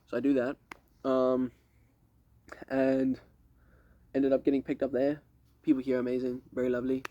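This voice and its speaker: Speaking to a camera a few steps off, this young South African vlogger gives a loose, rambling update from a lake dock after dark, full of slang and curses. His mid-range delivery is completely flat and at normal speed. There's no room sound, and the highs are cut off.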